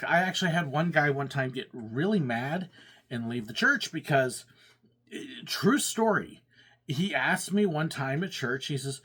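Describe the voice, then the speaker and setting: A man's voice: on the high side, a bit bright, husky. A man who once worked as a pastor and at theme parks, telling stories casually with frequent laughs and acted-out complaints. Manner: chatty, laughs often, acts out quoted complaints. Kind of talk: casual storytelling monologue.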